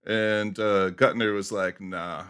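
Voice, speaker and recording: A man in casual podcast chat, retelling a story with many pauses and fillers. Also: mid-range voice, big pitch swings, pushed and bright.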